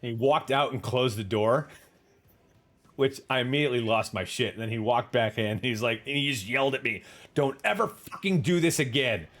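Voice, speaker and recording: A man's voice: mid-range voice, normal speed, fairly bright tone. A man hosting a casual livestream chat, telling rambling stories with casual swearing and answering viewer comments. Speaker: podcast host.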